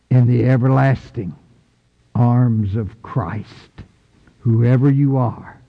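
Male pastor, slow and deliberate sermon delivery, big swings from hushed to cried-out lines, long sanctuary reverb. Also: vocal fry. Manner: preaching with dramatic swings between low hushed lines and high cries.

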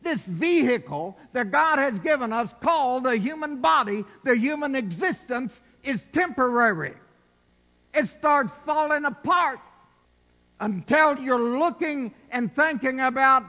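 A man preaching a sermon emphatically, his voice swelling to shouted peaks. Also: extremely high pitch, expressive, measured pace, lo-fi sound. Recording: long hall reverb.

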